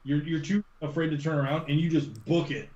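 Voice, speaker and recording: A man narrating a tabletop game as game master, halting, with many ums and restarts. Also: a little high, fairly even intonation, darkish tone, roomy sound, muffled recording.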